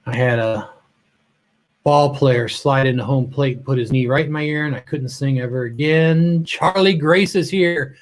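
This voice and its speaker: A livestream host with a medium-pitched voice talks at a normal speed during a casual stream. He welcomes viewers by name, yet he's slightly choked up and frequently lets his sentences trail off.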